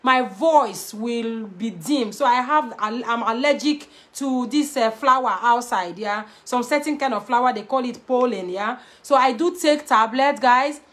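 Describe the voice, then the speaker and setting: A woman with a Nigerian Pidgin English accent talks straight to camera in a high voice. She is blunt and animated, slipping between Pidgin and plain English as she talks. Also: unhurried, few pauses. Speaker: vlogger giving marriage advice. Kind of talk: casual to-camera talk.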